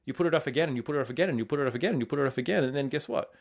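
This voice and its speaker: Fast-talking, emphatic male podcast host. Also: medium pitch, gravelly. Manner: fast, emphatic, swears a lot. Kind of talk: motivational podcast talk.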